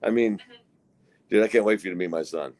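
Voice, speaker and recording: A deep, slightly mellow voice moves at a quick pace as this middle-aged man co-hosts a casual podcast. He spins profane stories and imitates the voices of the people he's quoting.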